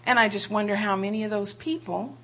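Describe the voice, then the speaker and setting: A woman's voice: mid-range voice, fairly quick, a bit bright. A woman preaching a sermon, asking rhetorical questions and drawing out key phrases for emphasis.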